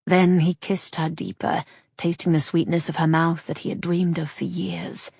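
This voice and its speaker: A woman narrating a romance audiobook with soft, intimate pacing. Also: lowish voice, flat delivery, moderate pace, gravelly, husky, no echo, studio quality.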